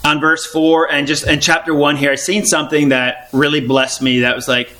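A man with a notably high voice preaches in an earnest, informal way. He keeps returning to his main point and puts rhetorical questions to his listeners. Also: little pitch movement, moderate pace, pushed and bright. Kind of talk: informal Bible teaching.

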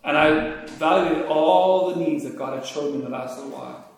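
A man with a fairly high voice preaches a sermon, dropping to hushed pleading and then building to loud, excited storytelling. The recording sounds very echoey, with faint noise underneath. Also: moderate pace.

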